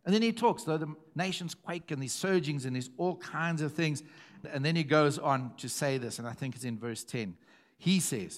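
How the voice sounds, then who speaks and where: Pastor, middle-aged man, slightly high voice, preaching with repetition and sudden bursts of volume. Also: animated, moderate pace. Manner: emphatic, repeating phrases, swings from hushed to loud. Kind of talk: sermon.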